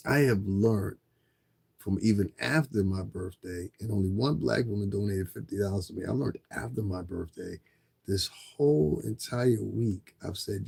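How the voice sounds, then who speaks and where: Gravelly low-voiced man ranting on stream. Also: moderate pace, darkish tone. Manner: rambling, profane, repeats himself. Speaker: livestreamer asking viewers for donations. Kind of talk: casual livestream rant.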